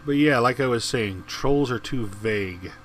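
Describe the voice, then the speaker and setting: A man's voice: mid-range voice, moderate pace, a little hiss or hum. A man giving casual commentary over a game he is playing, with wry, sarcastic quips. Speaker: let's-play gamer.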